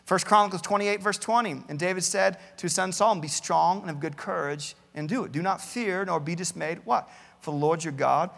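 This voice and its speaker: Male pastor, sermon, somewhat high gravelly voice, big reverberant church hall. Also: brisk, a bit bright. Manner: earnest preaching, reads many Bible verses aloud, repeats words at starts. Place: church campus, large hall.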